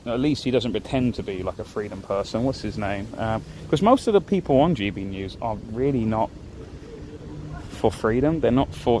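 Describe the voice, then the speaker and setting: Man, rambling street livestream rant, mid-pitched voice, windy outdoor recording, passing traffic. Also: darkish tone. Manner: ranting, rambling, repeats himself. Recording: wind noise and traffic outdoors.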